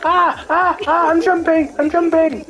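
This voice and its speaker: A man's voice: little pitch movement, measured pace, pushed and bright, dull audio, heavily acted. A man putting on an overexcited video game streamer who shrieks and exclaims at everything. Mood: frantic shrieking. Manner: shrill over-the-top shrieking and exclaiming. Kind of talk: parody of a screaming gamer streamer.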